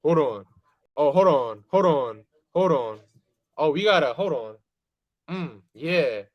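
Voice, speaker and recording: A young man hosting a live online masterclass, hyping up the chat with energetic call-outs and slang. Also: on the high side, slow, dry recording, lo-fi sound. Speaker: host of an online business masterclass. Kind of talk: hyped live webinar pitch.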